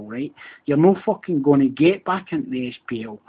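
A man's voice: mid-range voice, brisk, slightly rough. A Scottish man with a Glasgow accent, a bit drunk after a few beers, ranting on his podcast in a heated, sweary, repetitive way. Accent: Scottish, Glaswegian. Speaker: podcast host. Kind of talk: angry solo rant. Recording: tinny phone-quality recording.

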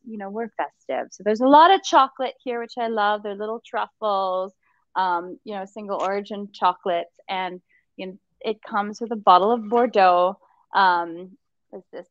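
A woman's voice: medium pitch, dry recording. Woman gushing about food in a chatty way, kinda muffled sound. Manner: chatty and enthusiastic, fond of food. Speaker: guest presenting a holiday gift hamper. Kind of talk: casual video-call chat.

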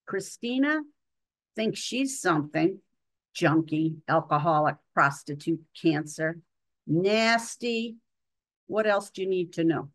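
A woman's voice: fairly low pitch, lively intonation, slow pace. A woman voicing a scornful, hard-bitten woman nurse who talks bluntly and with contempt.

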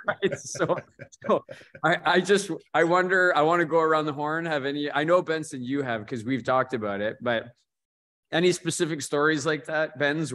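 A man's voice: on the high side, fairly bright tone. A man hosting a casual martial arts chat, telling a road story and calling on each guest in turn. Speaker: podcast host.

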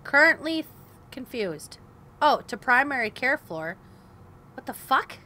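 A woman's voice: sits high, big pitch swings, measured pace, sharp tone. A young woman commenting on her gameplay, swearing in frustration and talking to herself and her viewers. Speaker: gaming video host.

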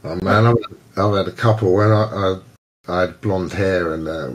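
An English man hosting a casual online chat, telling lively anecdotes and slipping into voices for the people in them. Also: deep voice, moderate pace. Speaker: host.

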